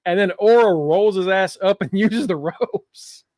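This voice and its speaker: A man hosting a wrestling podcast, recapping matches in a laid-back, casual way with relaxed swearing. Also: high-pitched, measured pace. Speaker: podcast host.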